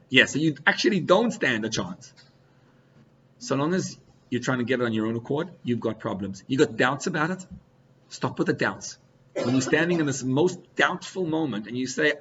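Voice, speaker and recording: A man giving a sermon as a rabbi, animated, swinging between loud outbursts and quiet asides, with Hebrew and Yiddish terms mixed in. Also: mid-range voice, moderate pace. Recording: slightly dull recording with faint hiss.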